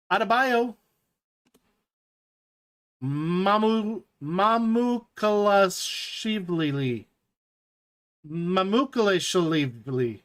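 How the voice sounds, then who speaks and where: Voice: mid-range voice, a bit bright. A live-stream host chatting enthusiastically while opening packs and reading out each card as it appears.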